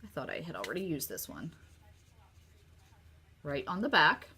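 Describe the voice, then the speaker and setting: At her home craft table, a woman shows viewers how to make cards in a casual, upbeat tutorial, chatting straight to them. A sore throat roughens her low-sitting voice a little, but she stays very animated at a normal speed, with background noise in the clip.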